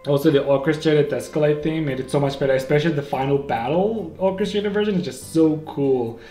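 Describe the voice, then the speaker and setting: A man hosting a casual solo podcast, rambling and excitable, often stopping to correct himself, on a home microphone. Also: a little high, brisk. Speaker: podcast host. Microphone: home microphone, may clip. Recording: echoey room with faint music.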